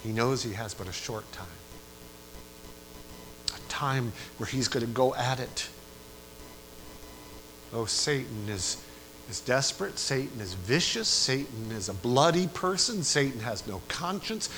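A man's voice: medium pitch, a little hiss or hum, poor audio. Man preaching a dramatic sermon. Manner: preaching with big swings between quiet asides and loud rising climaxes; asks the congregation repeated questions.

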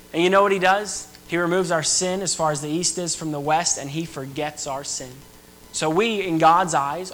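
A man's voice: high voice, pushed and bright, slight background noise, rough recording. A young man preaching an earnest, emphatic sermon to a church. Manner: earnest, emphatic preaching with rising and falling intensity.

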